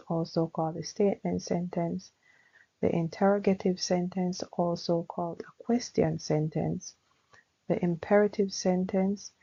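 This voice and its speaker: A woman teaching English grammar at a slow, deliberate pace, with a low, gravelly voice. She explains patiently and often checks in with "all right". The recording sounds a little dull and lo-fi. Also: warm tone. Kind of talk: grammar lesson.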